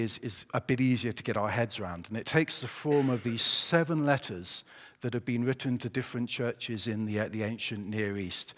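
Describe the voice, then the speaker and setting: A man preaching in a church, in an easy conversational way, with pauses and a light joking touch. His voice sits at a middle pitch. A long reverb from the church hall hangs on his words. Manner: conversational, hesitant with fillers, joking. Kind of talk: sermon.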